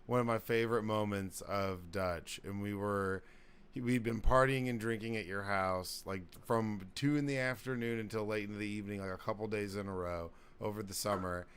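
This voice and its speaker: A man's voice: lowish voice, fairly even intonation, normal speed, a bit bright, clear, resonant tone. A man in his thirties, a podcast host, telling old party stories in casual chat and swearing freely. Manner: laid-back storytelling, heavy swearing.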